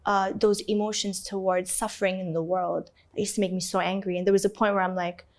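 Animated young woman, talking openly. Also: medium pitch, a little fast. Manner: animated and expressive, with frequent fillers like "like"; laughs easily and often. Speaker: interview guest. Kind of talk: candid conversational interview.

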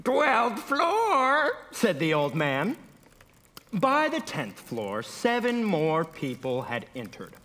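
A man's voice: fairly high pitch, wildly swooping pitch, takes it slowly, a bit bright, big-room sound. A man narrating a comedy sketch on stage in a mock-dramatic tone, correcting himself as he goes. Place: theater stage.

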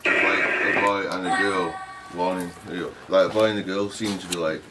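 A man on a ghost hunt haltingly recounting what he heard, with many fillers. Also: low-pitched, fairly even intonation. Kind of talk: casual recounting. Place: dark old building indoors. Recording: noisy camera audio.

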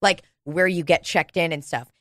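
A woman's voice: on the low side, steady tone, moderate pace, fairly bright tone, dry recording, clean studio sound. A woman co-hosting a podcast, telling a story in casual, profane chat. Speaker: podcast co-host. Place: podcast studio.

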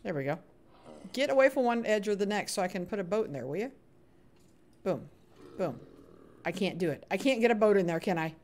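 A woman's voice: mid-range voice, expressive, a little fast, pauses often, a little mellow. A woman live-streaming a building game talks nonstop in a casual, playful way. She coaxes the characters on screen in a sing-song voice and stops to answer people in the chat. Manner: reads out viewer chat names and answers them. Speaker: Minecraft streamer.

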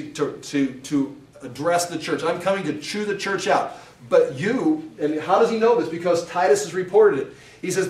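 Male Bible teacher, earnest and emphatic, reads then paraphrases bluntly; slightly high voice, distant echoey recording. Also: lively intonation, moderate pace. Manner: reads scripture aloud then explains it in blunt everyday paraphrase. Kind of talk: Bible study lecture. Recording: echoey room, mic at a distance.

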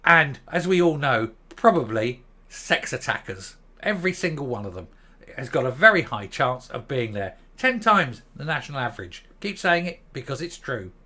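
A man in his fifties hosting his own channel, ranting bluntly and profanely to camera and stopping now and then to calm himself down. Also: medium pitch, normal speed. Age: 50s. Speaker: commentary channel host. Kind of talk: angry opinion rant to camera.

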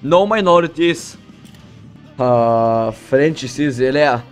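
A young man from the Balkans casually commenting on his strategy game, boasting, swearing and joking to himself as he plays, with loud music behind him. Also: mid-range voice, animated, slow pace. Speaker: streamer playing a strategy game. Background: loud background music.

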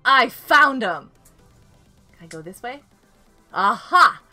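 A woman's voice: fairly high pitch, sing-song, slow pace, sharp tone, faint music behind. A young woman live-streaming a game, chatting casually and giggling often as she greets viewers.

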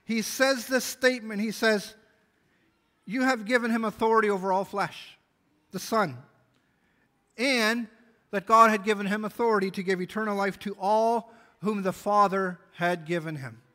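A man's voice: high voice, steady tone, moderate pace, pushed and bright. A man pastor preaching a sermon, reading scripture aloud and explaining it earnestly. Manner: earnest Bible exposition, reading scripture aloud with small restarts.

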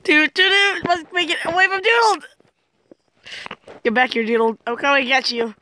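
Bright, high, lively young-sounding woman gamer. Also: normal speed, slight background noise. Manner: playful, teasing, bursts into shrieks and laughter. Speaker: gamer playing with a friend. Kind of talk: casual gameplay commentary.

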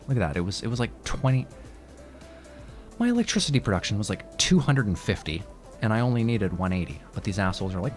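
A man giving casual, profane and joking commentary on a city-building game. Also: low-pitched. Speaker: let's play host. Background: game music.

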